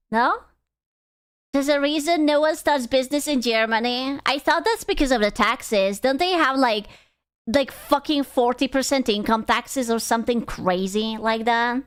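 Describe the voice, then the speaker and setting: A woman's voice: high-pitched, lively intonation, moderate pace, clear, resonant tone. A young woman streamer in casual chat, blunt and profane as she rants to her viewers.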